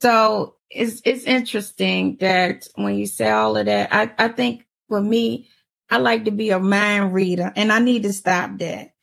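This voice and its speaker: A woman in her forties telling stories in a casual chat, animated and often laughing. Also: medium pitch, a little slow, gravelly. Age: 40s. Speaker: panelist.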